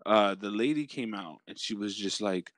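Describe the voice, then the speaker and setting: A man's voice: fairly low pitch, normal speed, fairly bright tone, no echo. A man co-hosting a casual podcast, telling a profane story full of restarts, laughs and swearing. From Los Angeles. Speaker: podcast co-host. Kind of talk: casual chat.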